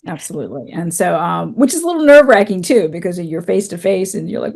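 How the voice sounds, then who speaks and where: A woman's voice: fairly low pitch, animated, brisk, vocal fry, a little mellow. A woman in her fifties from New England, a guest author chatting about her novel. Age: 50s. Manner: chatty, with frequent fillers and restarts. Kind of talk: casual interview chat.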